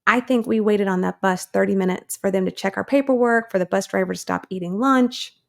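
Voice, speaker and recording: A woman's voice: mid-range voice, a little fast, creaky. A woman in her thirties, a guest in an interview, telling her own story earnestly and acting out the people she quotes. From United States.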